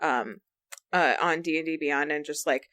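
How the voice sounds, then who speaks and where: Woman podcast co-host, lowish voice, rambling, lots of fillers. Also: normal speed, a bit bright. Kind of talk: casual chat.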